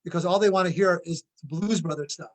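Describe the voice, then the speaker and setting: A man with a high-pitched voice talks through his band's music in an explanatory way. He lays out each point at length in relaxed interview chat. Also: fairly quick. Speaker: tribute band musician.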